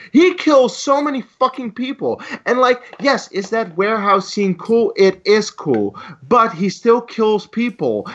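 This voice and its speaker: A man co-hosting a podcast, ranting heatedly with a lot of swearing. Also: high voice. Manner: heated, profane, animated ranting. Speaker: podcast co-host. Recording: lo-fi dull sound.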